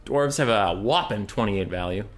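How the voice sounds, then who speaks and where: A man's voice: lowish voice, animated, normal speed. A young man giving casual, rambling commentary on a strategy game match, chatting and swearing offhand. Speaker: game caster.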